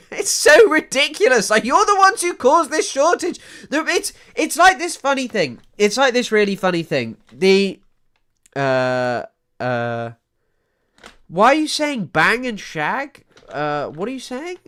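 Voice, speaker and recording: A young man doing casual live-stream commentary, animated and sweary, often trailing off into mumbles. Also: very high voice, unhurried. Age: young adult. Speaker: streamer reacting to news clips.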